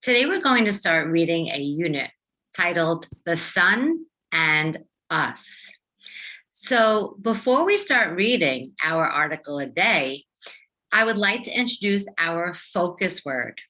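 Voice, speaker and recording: A woman teacher leading a young children's phonics lesson, speaking slowly and enunciating each sound clearly. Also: on the low side, bright, forceful tone. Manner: slow, clearly enunciated, sing-song teacher voice.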